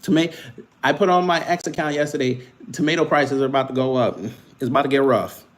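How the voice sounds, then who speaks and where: Man streaming live, mocking chat in a loose, taunting tone, mid-pitched voice. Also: fairly even intonation, quick pace. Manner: taunting, teasing banter with laughs. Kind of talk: casual live-stream commentary answering chat.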